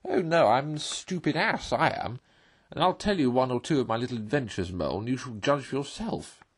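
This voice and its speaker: A man voicing a boastful, excitable male toad in a storybook reading, loud and blustering. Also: mid-range voice, fairly quick, slightly rough, voice pushed up.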